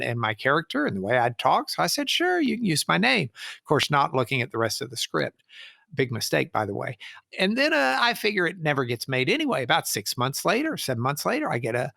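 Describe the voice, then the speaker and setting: A middle-aged trial lawyer, appearing as a podcast guest, answers an interview question with an animated story, acting out the voices of the people he quotes. His voice is mid-range and creaky, captured in clean studio sound with no echo.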